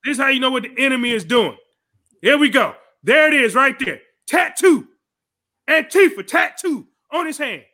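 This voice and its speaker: Shouting often, a man hosting a podcast rages profanely about politics, staying heated and combative the whole way. His voice is very high, bright and piercing, with lively intonation at a normal speed.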